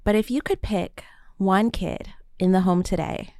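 A woman interviewing guests on a podcast, asking questions gently and invitingly. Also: medium pitch, a little slow.

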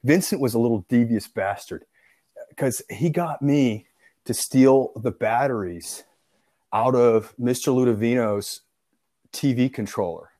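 A man's voice: medium pitch, a little slow. A young man in casual chat, telling an old school prank story with laughter, acted-out quotes and swearing. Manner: animated storyteller, laughs often, acts out quotes, swears freely.

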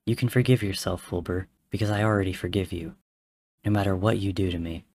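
Guy voicing a soft loving dad type, deep and tender. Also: fairly quick, slight background noise. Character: gentle loving older father figure.

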